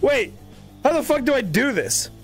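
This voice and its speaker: A man streaming a video game, commenting casually, excitable and swearing as he yells at the game. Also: very high voice, moderate pace, soft background music.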